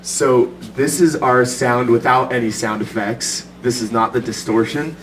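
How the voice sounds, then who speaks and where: A man's voice: medium pitch, fairly even intonation, measured pace. Young man presenting, far from the mic. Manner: casual, hesitant, many fillers, chuckles at glitches. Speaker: student presenter. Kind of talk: class project presentation with live demo. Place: classroom. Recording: distant mic with clear background noise.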